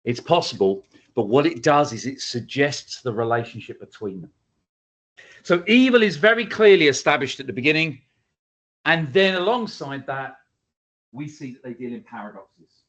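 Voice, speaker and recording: A male teacher giving a lecture to students, emphatic and animated, with frequent ums and uhs. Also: medium pitch, normal speed. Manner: emphatic, varies loudness, many fillers. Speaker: English teacher. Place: school hall. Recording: echoey hall, dull lo-fi sound.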